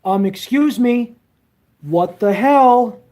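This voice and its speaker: A woman's voice: a little high, lively intonation, slow pace, warm tone, voice pushed up. A man voicing his annoyed young girlfriend, who scolds him in an exasperated, sarcastic way. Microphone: phone.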